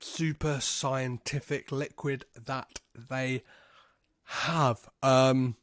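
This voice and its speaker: A man hosting a podcast, recapping a film in a laid-back way, swearing freely and filling pauses with "um". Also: medium pitch, fairly even intonation, no room sound, studio quality. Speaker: podcast host.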